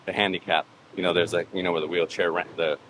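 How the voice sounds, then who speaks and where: A man's voice: deep voice, flat delivery, fast. A man chatting casually as a podcast guest, rambling through a story and acting out the voices of others. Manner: rambling, acts out quoted voices. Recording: background noise.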